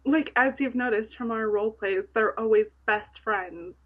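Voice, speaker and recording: A woman's voice: a little high, moderate pace, phone-quality sound. A woman co-hosting a podcast in casual, enthusiastic chat, laughing easily. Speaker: podcast co-host.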